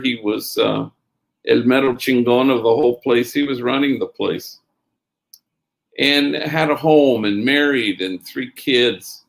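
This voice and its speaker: Man, middle-aged, gravelly voice, storytelling talk, Spanish slang in the mix. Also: medium pitch. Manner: tells stories with Spanish slang phrases mixed in; quotes others in a raised, lively voice. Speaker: priest and speaker.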